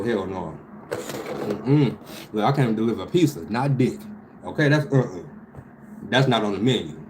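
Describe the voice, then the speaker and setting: A man, animated and profane, telling a story about his delivery job with loud outbursts. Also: lowish voice, a little hiss or hum. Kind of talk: casual storytelling vlog.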